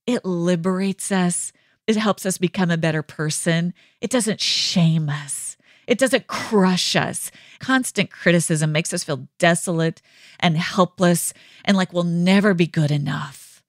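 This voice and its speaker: A woman at a mid pitch hosts her own podcast, teaching from a faith perspective. She talks earnestly and with emphasis, often pausing to ask "right?". The sound is dry and close, with no room echo. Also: animated. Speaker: podcast host. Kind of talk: faith-based teaching monologue.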